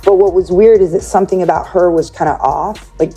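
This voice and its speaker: A woman's voice: fairly low pitch, fairly quick, mellow, breathy edge, soft background music. A woman guest in an interview, telling a personal story in a chatty way, full of "like" and acted-out quotes. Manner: chatty, peppered with "like", acts out quoted speech.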